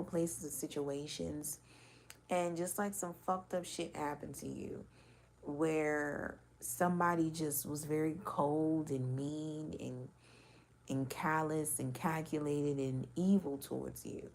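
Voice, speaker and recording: A woman's voice: low-pitched, fairly even intonation, measured pace, a little mellow, a little hiss or hum. A woman giving a casual intuitive reading, talking loosely and bluntly with swearing and many filler words. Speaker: spiritual card reader.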